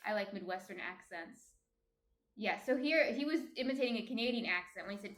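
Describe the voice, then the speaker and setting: A woman's voice: medium pitch, expressive, a little fast, fairly bright tone. A woman with a New Jersey accent, chatting casually on a baking stream and reading viewer comments aloud. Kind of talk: casual chat while baking. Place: home kitchen. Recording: echoey room.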